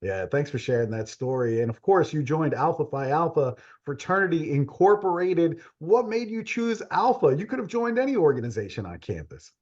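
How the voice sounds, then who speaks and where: A man's voice: fairly high pitch, big pitch swings, moderate pace, few pauses, darkish tone. Reflective male host, dull lo-fi audio. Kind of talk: casual interview chat.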